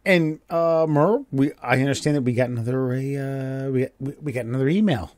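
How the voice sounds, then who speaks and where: A man's voice: mid-range voice, normal speed, darkish tone, dry recording, studio quality. A man co-hosting a podcast who laughs a lot and stammers when he gets flustered. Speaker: podcast co-host. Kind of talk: casual podcast banter.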